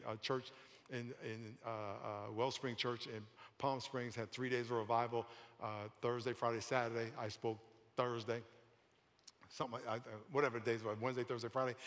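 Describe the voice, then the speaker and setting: A man, a pastor, preaching a lively sermon, often laughing and repeating phrases for emphasis. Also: mid-range voice. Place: large church sanctuary. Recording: long hall reverb.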